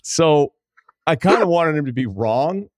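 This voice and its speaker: A man's voice: on the high side, expressive, unhurried, no echo. A man hosting a sports podcast, chatting casually and rambling with self-deprecating asides into a studio microphone. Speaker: podcast host.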